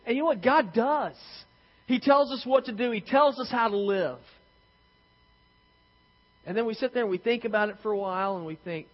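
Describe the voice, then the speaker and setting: High voiced pastor guy preaching, acts out quotes, echoey church, kinda muffled. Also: fairly quick. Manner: animated preaching with acted quotes. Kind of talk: sermon. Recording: reverberant hall, dull lo-fi sound.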